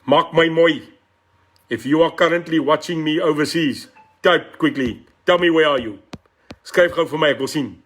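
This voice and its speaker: A man's voice: fairly high pitch, moderate pace, a bit bright. A middle-aged South African man with a South African accent hosting a live political stream, speaking passionately, mixing in Afrikaans and greeting viewers by name. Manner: impassioned, switches between English and Afrikaans, greets viewers by name. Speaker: political talk show host.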